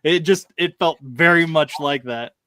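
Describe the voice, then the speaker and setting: A man's voice: a little high, a little slow, sharp tone, no echo, clean studio sound. A man co-hosting a podcast in casual chat, rambling along, laughing often and acting out lines he quotes. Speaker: podcast co-host.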